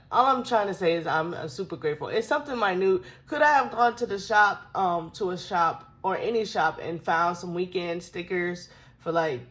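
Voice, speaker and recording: A young woman chatting through her planner pages, rambling, laughing often and getting emotional. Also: fairly low pitch. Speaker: planner vlogger.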